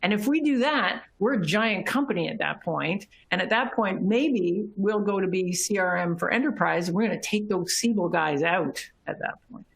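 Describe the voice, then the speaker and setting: Lively woman telling a conference story. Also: medium pitch, moderate pace, gravelly, hardly any pauses. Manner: lively, laughs often, acts out quoted voices. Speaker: keynote speaker.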